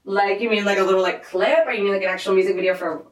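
A young woman in her twenties, a DJ, chatting casually on a podcast, animated and swearing freely. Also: medium pitch, racing, roomy sound, rough recording. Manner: animated, swearing, lots of likes. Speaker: DJ guest.

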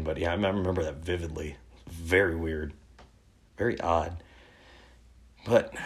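A man in his thirties telling casual, rambling stories, laid-back and full of swearing. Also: sits low. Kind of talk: casual storytelling.

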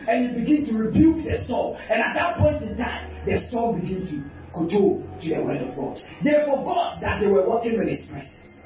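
High-voiced shouting preacher in an echoey hall. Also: male voice, big pitch swings, moderate pace. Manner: emphatic, shouting, call-and-response. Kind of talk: sermon. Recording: echoey distant dull sound, faint music.

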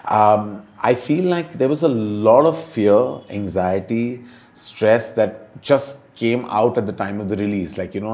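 A man's voice: on the low side, darkish tone. A middle-aged man with an Indian English accent, a film director speaking candidly and emotionally in an interview, full of fillers and restarts.

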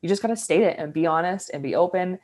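A woman's voice: lowish voice, fast talker, darkish tone. A woman co-hosting a casual conversation, talking reflectively and filling her sentences with "like". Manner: reflective, many "like" fillers. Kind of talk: casual chat.

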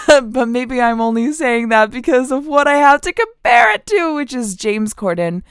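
A woman's voice: high-pitched, a little slow, clear, resonant tone, no room sound. Woman, podcast host, fired-up casual rant, clean resonant tone, dead dry sound. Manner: animated, indignant, laughs often, lots of "like".

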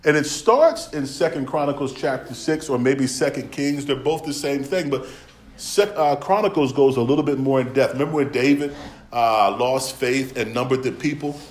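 A man's voice: mid-range voice, moderate pace, echoey room. Folksy American preacher man. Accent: African American English. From United States. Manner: folksy, preaches in plain slang, jokes and laughs often. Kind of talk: sermon.

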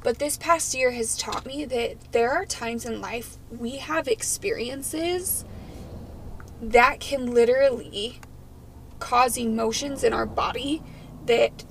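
A woman's voice: a little high, slight background noise, poor audio. Earnest, emotional woman podcast co-host. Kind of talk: casual podcast chat.

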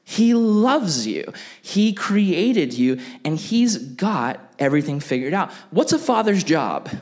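A young man giving a casual sermon to young people, chatty and animated, acting out little scenes. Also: sits high, slow pace. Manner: animated, chatty, full of "like", acts out bits. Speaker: youth pastor.

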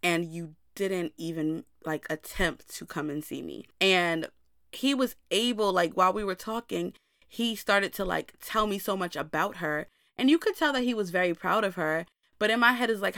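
A woman's voice: mid-range voice, lively intonation, moderate pace, creaky, pushed and bright, no room sound, studio quality. A young woman hosting a podcast, telling a personal story in a candid way and talking straight to her listeners. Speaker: podcast host.

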